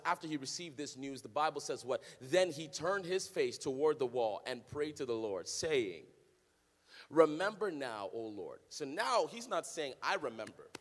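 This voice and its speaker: A man preaching a sermon to a congregation, swinging from low conversational talk to loud sing-song shouting. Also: long reverb tail. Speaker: pastor. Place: church hall with congregation.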